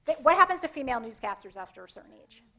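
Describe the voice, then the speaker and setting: A woman with a Connecticut accent presenting a conference workshop in a lively, conversational way, often putting questions to the audience. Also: high-pitched, rapid-fire.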